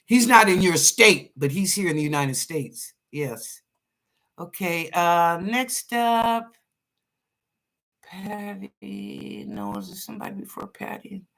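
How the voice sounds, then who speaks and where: A psychic reader hosting a live show, giving quick readings to viewers in a folksy, chatty, reassuring way and laughing often. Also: medium pitch, gravelly, a bit bright.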